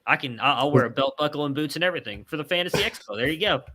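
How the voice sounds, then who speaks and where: Bright-voiced bantering podcast co-host man. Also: on the high side, expressive, racing. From Texas. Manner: playful, joking banter. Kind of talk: casual podcast chat.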